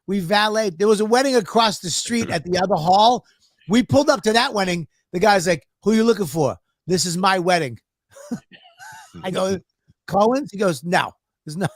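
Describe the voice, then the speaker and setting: A man's voice: high voice, no echo, clean studio sound. A man telling a profane, exasperated story on a podcast and acting out both sides of the talk. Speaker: podcast co-host. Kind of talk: animated storytelling.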